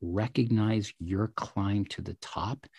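A man in an interview telling a personal story vividly, at times dropping to hushed asides. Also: fairly low pitch, slow pace, slightly rough, no echo. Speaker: interview guest, teaches classes.

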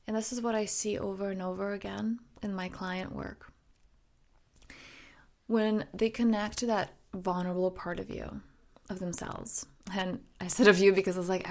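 Soft-spoken woman podcast host, gravelly edge. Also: mid-range voice, steady tone, moderate pace. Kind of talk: reflective solo podcast talk.

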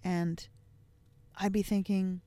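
A woman's voice: medium pitch, little pitch movement, takes it slowly, warm tone, no room sound. A woman hosting a podcast, telling a personal family story in a candid, reflective way with many casual fillers. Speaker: podcast host.

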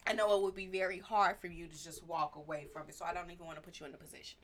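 A woman's voice: fairly low pitch, steady tone, rapid-fire. A woman, a mother and podcast guest, telling stories about her daughter in blunt, profane casual talk. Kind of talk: casual chat.

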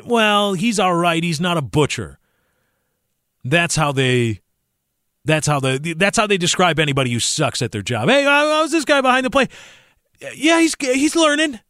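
A young adult man hosting a casual sports podcast, animated, sometimes slipping into mock commentator voices. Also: on the high side, no room sound, studio quality. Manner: animated, mimics commentators in a raised voice. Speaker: podcast host.

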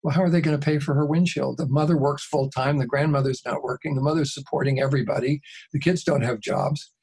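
Man, husky voice, interview guest, calm measured storytelling, mediator. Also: on the high side.

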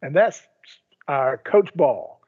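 Opinionated man, slightly high voice. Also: expressive, slow, slightly rough. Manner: storytelling, opinionated. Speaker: podcast co-host. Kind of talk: casual sports chat. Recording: dull lo-fi audio.

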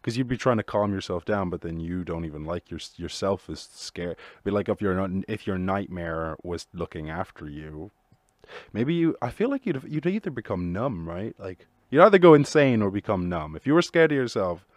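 A man's voice: sits low, expressive, normal speed, dry recording. A man hosting a solo podcast, rambling through jokey, profane musings in casual chat. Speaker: podcast host.

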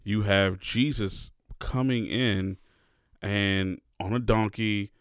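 A man hosting a casual podcast, telling stories in an animated way and acting out what people said. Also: fairly low pitch, slow, clean tone, no room sound, clean studio sound. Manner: animated storyteller, acts out quotes. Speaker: podcast host.

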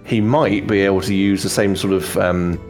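A man's voice: low-pitched, steady tone, normal speed, darkish tone, soft background music. A man narrating as game master of a tabletop game, rambling with many fillers and restarts.

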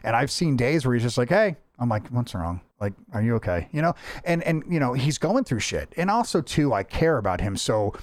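A man's voice: mid-range voice, a little fast, dry recording. Middle-aged guy hosting a podcast, swears a lot, acts out what people said, dry close sound. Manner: animated storyteller, swears freely, acts out quoted voices. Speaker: podcast host. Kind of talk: casual chat.

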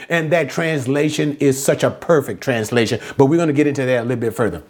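A man's voice: mid-range voice, fast talker, hardly any pauses, darkish tone. A man preaching an expository sermon, emphatic, asking and answering his own questions.

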